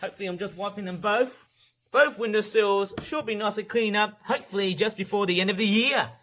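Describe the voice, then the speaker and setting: A man's voice: high voice, brisk, fairly bright tone. A man with an Australian accent chatting casually in a vlog from his own house while cleaning up, rambling and repeating himself in an upbeat way. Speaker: vlogger.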